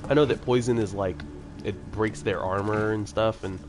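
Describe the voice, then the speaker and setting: Rambly gamer guy talking over loud game music, lowish voice. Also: steady tone, moderate pace. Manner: rambling, chatty, self-mocking asides. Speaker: let's-play commentator. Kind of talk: casual gameplay commentary. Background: video game music.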